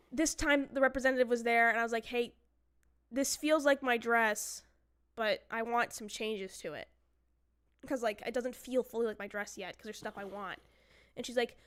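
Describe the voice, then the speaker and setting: A woman's voice: on the high side, clear, resonant tone. A woman streamer telling a long story in casual chat, acting out quotes and swearing now and then. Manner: chatty storyteller who acts out quotes and swears.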